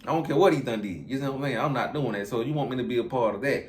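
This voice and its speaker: A man's voice: mid-range voice, rapid-fire. Laid-back rambling man in echoey room. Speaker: interview guest. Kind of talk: casual storytelling interview. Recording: echoey room with faint ambient noise.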